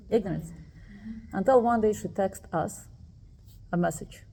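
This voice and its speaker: Woman with a gravelly voice telling a personal story. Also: mid-range voice, unhurried, long pauses. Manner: emotional, animated retelling with quoted dialogue. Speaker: speaker addressing women.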